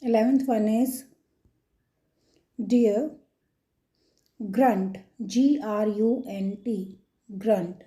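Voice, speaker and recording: Very slow woman, Indian English accent, children's spelling lesson, mellow voice. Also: medium pitch. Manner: spells each word letter by letter, slow and deliberate. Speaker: kids' channel host.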